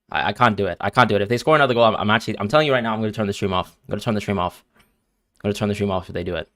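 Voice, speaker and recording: A man's voice: lowish voice, rapid-fire, long pauses, fairly bright tone, no echo, clean studio sound. A man streaming live and reacting emotionally to a football match as he watches, talking to his viewers.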